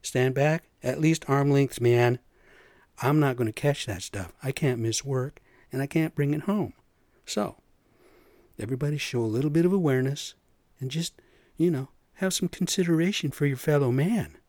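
A man's voice: medium pitch, moderate pace, a little mellow, dry recording. Man, casual podcast rant, mid-range voice, dry close recording, keeps saying "you know". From US Pacific Northwest. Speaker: podcast host; construction superintendent.

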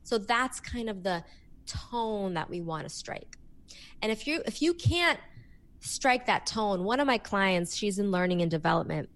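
Woman, workplace coach, podcast interview, animated, expressive, medium pitch. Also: a little slow. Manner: animated and expressive, acts out examples.

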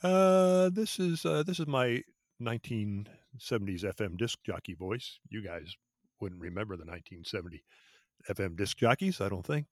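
A man voicing a laid-back 1970s FM disc jockey in a low, hushed, drawn-out delivery. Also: animated, dry recording, clean studio sound, lightly acted. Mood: mellow.

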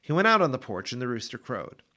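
A man reading scripture aloud for a daily Bible podcast, with an expressive, dramatic delivery. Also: medium pitch, fast. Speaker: Bible reader.

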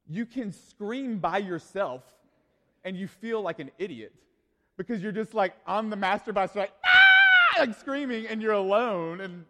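A man, a youth pastor, telling a story in a sermon, animated and casual with lots of fillers. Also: high voice, in a large hall.

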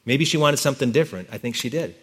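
A man preaching a sermon as pastor, telling the story in a lively way and correcting himself as he goes. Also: mid-range voice, fast talker, husky.

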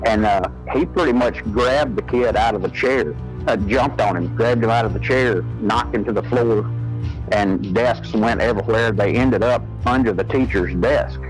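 A man recounting past events in a halting, measured way, with frequent fillers. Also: on the low side, soft background music, low-quality recording. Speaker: former staff member recounting events. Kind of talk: recorded testimony clip.

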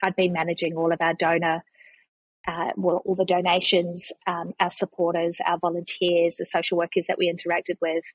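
Husky New Zealand woman, low voice. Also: completely flat delivery, moderate pace, no room sound, rough recording. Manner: chatty storyteller with frequent restarts and laughs. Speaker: guest, charity CEO. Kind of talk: casual conversational interview.

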